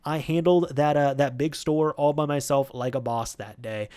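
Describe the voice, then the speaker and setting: A man's voice: on the high side, fairly even intonation, moderate pace, mellow, clear, resonant tone. A man tells a story from his old job in a loose, chatty vlog style. He keeps adding fillers and restarting his sentences. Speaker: YouTube host.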